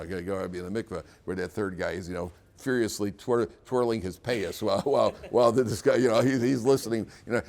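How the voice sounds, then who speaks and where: Low-voiced rabbi teaching a lively class. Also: male voice. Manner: lively storytelling, acts out characters. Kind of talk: Torah class lecture.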